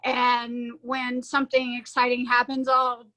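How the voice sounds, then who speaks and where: A woman on a panel discussion, talking in an expressive, emotive way. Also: a little high, a little slow, poor audio.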